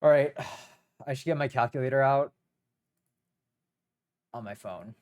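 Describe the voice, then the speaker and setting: A young man streams live in a loose, casual way, rambling and nervously poking fun at himself. His voice sits at an ordinary middle pitch. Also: measured pace, darkish tone. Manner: nervous, rambling, self-mocking.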